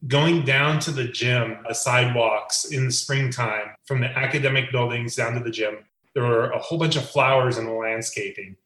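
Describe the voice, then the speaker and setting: A man's voice: medium pitch, normal speed, a bit bright. A man reminiscing about his college days, reflective and amused. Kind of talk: reflective storytelling. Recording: echoey room.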